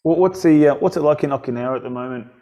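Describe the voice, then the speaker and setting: An Australian man hosting a podcast in casual chat, telling stories in a rambling, animated way full of restarts. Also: fairly high pitch, racing. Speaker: podcast host.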